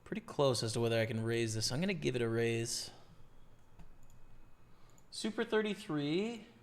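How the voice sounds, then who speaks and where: Slightly hoarse man streaming poker. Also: medium pitch, lively intonation, normal speed. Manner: casual, thinks aloud about each hand and chats with viewers. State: slightly hoarse, losing his voice. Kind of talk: live-stream poker commentary.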